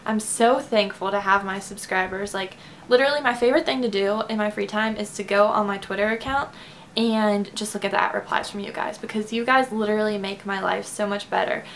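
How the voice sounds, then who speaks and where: A woman's voice: medium pitch, fairly even intonation, a bit bright, slight background noise. A young woman from Kentucky talking to her subscribers in a casual vlog, emotional and close to tears, with lots of fillers. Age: young adult. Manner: emotional, teary, fast with many fillers. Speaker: vlogger. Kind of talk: casual heartfelt talk to camera.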